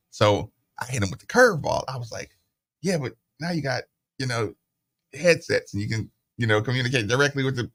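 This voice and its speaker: A middle-aged man on sports radio tells stories loosely and energetically in the studio, mimicking the voices of those he quotes. His voice is on the low side, with vocal fry.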